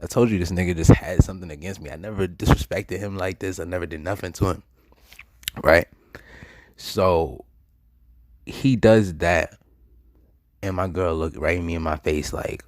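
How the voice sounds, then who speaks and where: A young man hosting a show, telling a personal story in a loose, slangy, animated way and laughing often. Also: low voice, moderate pace, pauses often, dry recording, studio quality. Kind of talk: casual storytelling monologue.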